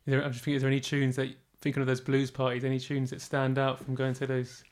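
A man interviewing a guest, asking gentle, casual questions. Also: medium pitch, monotone, quick pace. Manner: brief murmured encouragement, gentle questions.

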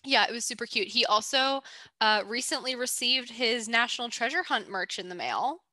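A woman co-hosting a casual podcast, upbeat and quick to laugh. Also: fairly high pitch, animated, sharp tone, no room sound. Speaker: podcast co-host. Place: DC area.

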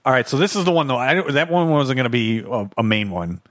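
A man co-hosting a podcast, giving opinionated, animated takes on a film. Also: medium pitch, fast talker. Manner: animated, opinionated, laughs easily. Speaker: podcast co-host. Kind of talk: casual film discussion.

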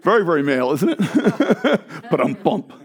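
Guy preaching a sermon, kinda high voice, gets loud then drops real quiet, chatty asides to the crowd. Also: unhurried, slightly rough. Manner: swings from loud emphatic proclamation to low hushed tones; excited, conversational preaching with asides to the congregation. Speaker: pastor.

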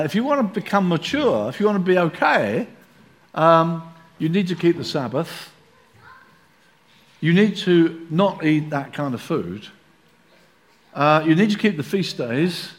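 A male preacher delivering a church sermon with a fairly high voice. He talks in an animated way and slips into the voices of the people he describes. His delivery is that of a pastor speaking from the front.

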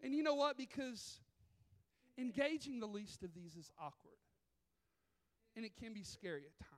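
A man's voice: very high-pitched, normal speed. A man preaching a sermon in a church, telling stories and acting out other people's voices. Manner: animated, acts out voices in stories. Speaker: pastor. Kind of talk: sermon with storytelling. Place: church sanctuary.

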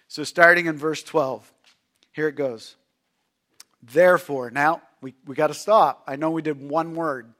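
A male pastor with a high voice preaches a sermon, swinging between loud, emphatic lines and hushed near-whispers.

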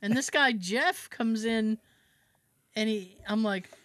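A woman's voice: on the high side, takes it slowly, fairly bright tone, slight background noise. A woman co-hosting a podcast, animatedly telling a personal anecdote in casual chat and swearing freely. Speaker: podcast co-host.

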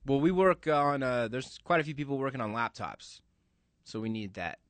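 A man's voice: medium pitch, expressive, normal speed, fairly bright tone, no echo. A man co-hosting a sports radio show who argues his sports opinions earnestly. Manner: earnest, argumentative about sports. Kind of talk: casual radio banter. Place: radio studio.

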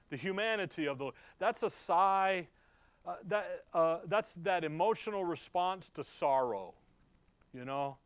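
A man preaching in a conversational Bible-teaching style. He asks his own questions and answers them, and swings between emphatic stresses and quiet asides. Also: a little high, no echo. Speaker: pastor.

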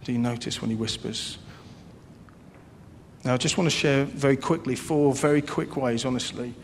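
A man preaching a sermon in an earnest way, repeating phrases and swinging between loud emphasis and hushed, soft passages. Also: fairly even intonation, quick pace. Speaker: pastor. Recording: long hall reverb with faint low rumble.

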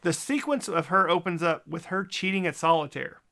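Lisping man with a gravelly, bright voice. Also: sits high, expressive, moderate pace. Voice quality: slight lisp. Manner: enthusiastic, stumbles over words. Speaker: podcast host. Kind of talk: casual chat.

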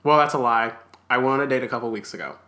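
A man's voice: mid-range voice, racing, bright, forceful tone. Candid laughing man co-hosting a podcast. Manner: candid, joking, laughs often. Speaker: podcast co-host. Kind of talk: casual podcast chat.

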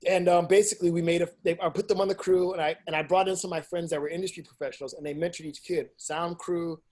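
Speaking quickly with a slightly high voice, this middle-aged man, who makes independent films and teaches, shares stories in a relaxed interview. He curses openly, speaks bluntly, and animatedly performs other people's words.

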